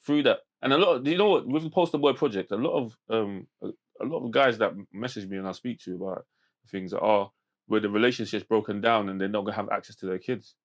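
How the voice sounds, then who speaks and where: A man, a podcast guest telling stories in animated street slang with many restarts. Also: lowish voice, quick pace. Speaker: podcast guest, men's mental health campaigner. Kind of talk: casual podcast conversation.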